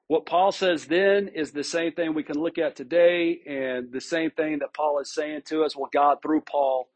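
Husky high-voiced man preaching casually. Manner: informal, with frequent restarts and rhetorical "right?". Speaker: pastor. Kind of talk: conversational sermon.

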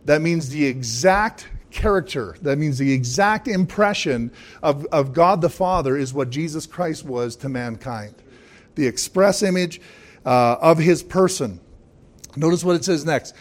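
Emphatic preacher asking "Amen?". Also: male voice, fairly high pitch, animated, normal speed. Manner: emphatic, frequent "Amen?" calls, chuckling asides. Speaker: pastor. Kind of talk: sermon.

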